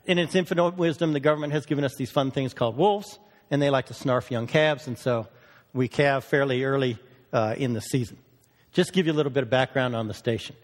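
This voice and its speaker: Fast-talking folksy man in echoing hall. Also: on the high side. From northern United States. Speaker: research station cattle manager. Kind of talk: conference talk.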